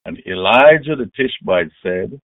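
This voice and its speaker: A man preaching a sermon, retelling a scripture story with emphatic, dramatic delivery and loud exclamations. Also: lowish voice, lively intonation, unhurried, no room sound. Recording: tinny phone-like dry sound.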